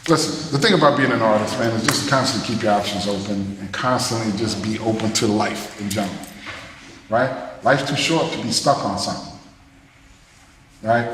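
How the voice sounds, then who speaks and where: A man talking to students in a loose, animated way, breaking into scatted rhythms between his stories. His voice sits at an ordinary pitch and booms around a big echoey hall with a long reverb tail and faint background noise. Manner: animated, scats rhythms, loose casual phrasing. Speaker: jazz musician giving a masterclass. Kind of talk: storytelling talk to students.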